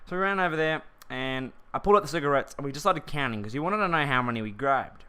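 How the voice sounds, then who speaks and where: Bright, slangy guy telling a story. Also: mid-range voice, animated, fast, smooth. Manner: rambling, slangy, many restarts. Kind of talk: casual storytime vlog.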